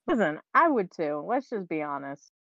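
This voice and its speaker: A woman co-hosting a podcast in casual chat, blunt and quick to laugh, with the odd swear word. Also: medium pitch, husky, no echo. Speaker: podcast co-host. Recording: dull lo-fi recording.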